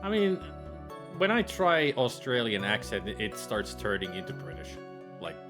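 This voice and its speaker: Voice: medium pitch, very animated, unhurried, over music. A player chatting and joking with exasperation while voicing a story game. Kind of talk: casual banter over a game playthrough.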